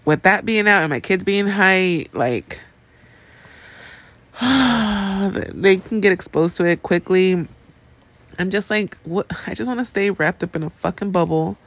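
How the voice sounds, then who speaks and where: A woman with a fairly low-pitched voice is heard in a dry recording through a podcast mic. As the podcast's host, she vents in a rambling, casual chat and swears freely.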